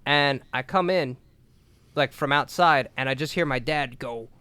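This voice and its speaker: A young man co-hosting a podcast, telling a story in a lively, casual way with lots of swearing and filler words. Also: mid-range voice, a little slow, clear, resonant tone, dry recording. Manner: animated, swears a lot, says "like" and "dude". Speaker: podcast co-host.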